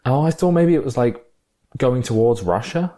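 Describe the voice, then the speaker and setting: A man's voice: mid-range voice, expressive, normal speed, mellow. A man co-hosting a casual film discussion podcast, talking with enthusiasm and thinking aloud with fillers and restarts.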